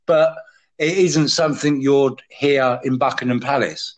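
A man's voice: medium pitch, fairly even intonation, a little slow. A man from England, chatting on a podcast in an easygoing, jokey way. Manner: jokey, easygoing, laughs often. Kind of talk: casual podcast chat.

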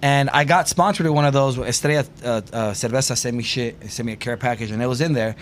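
A man's voice: medium pitch, fast talker, a little hiss or hum. A man talking as a guest on a casual podcast, laid-back and swearing, often trailing off. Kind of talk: casual chat.

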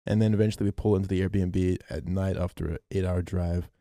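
A young Australian man and podcast co-host telling stories in a rapid, laughing way, with crude slang. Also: low-pitched, fairly even intonation, mellow, no echo, studio quality. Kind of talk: casual chat.

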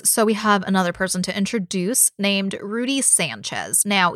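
Lively, swearing woman co-host. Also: medium pitch, no echo, clean studio sound. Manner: animated, swears a lot, laughs often. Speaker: podcast co-host. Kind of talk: casual true crime chat.

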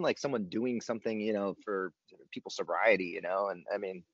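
Low male storyteller, laid-back and slangy, dry dull lo-fi recording. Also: a little fast, a bit bright, breathy edge, no echo. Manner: laid-back, slangy, self-mocking humor. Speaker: guest telling his recovery story. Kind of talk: casual storytelling chat.

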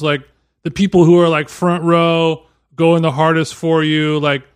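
A man's voice: fairly high pitch, clear, resonant tone. A man hosting a podcast, easygoing, asking long looping questions in casual chat. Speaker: podcast host.

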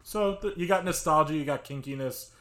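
A man's voice: a little high, brisk, bright, forceful tone. A man co-hosting a podcast, chatting about a film in a rambling way full of fillers. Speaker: podcast co-host. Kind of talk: casual film discussion.

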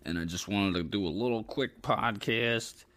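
A man's voice: on the low side, normal speed, a bit bright. A tired man talking casually on his solo podcast, rambling loosely and swearing now and then. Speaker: podcast host.

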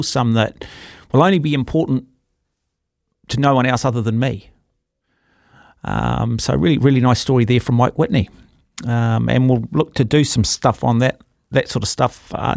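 A man's voice: mid-range voice, creaky, a little mellow, no echo, clean studio sound. A man hosting a radio show, chatting in a rambling, teasing way with plenty of fillers. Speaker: radio host. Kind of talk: casual radio chat. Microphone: studio microphone.

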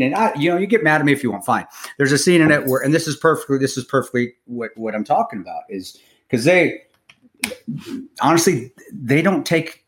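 An American man hosting a podcast who tells a story with energy, swears freely and often restarts his sentences. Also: mid-range voice. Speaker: podcast host.

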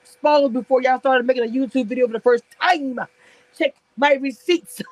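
A woman's voice: high-pitched, steady tone, fast talker, darkish tone, slight background noise, poor audio. A woman hosting a casual live stream about reality TV, sassy and laughing often as she answers her viewers in chat.

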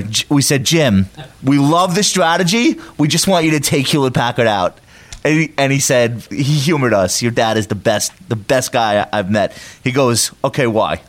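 Brief: man, mid-pitched, podcast guest, animated storyteller with quick bursts. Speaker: podcast guest, financial advisor. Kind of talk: casual podcast conversation.

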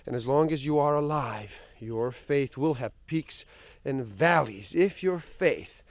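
A man narrating spiritual stories and reflections in an earnest, sometimes softly dropping voice. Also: medium pitch, expressive, slow, no echo. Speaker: storyteller and spiritual speaker.

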